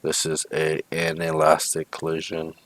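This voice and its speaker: A man's voice: extremely low pitch, monotone, unhurried, fairly bright tone, no echo. A male physics teacher talking through homework problems step by step, often checking in with "okay?" and "right?". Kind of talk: homework walkthrough lesson.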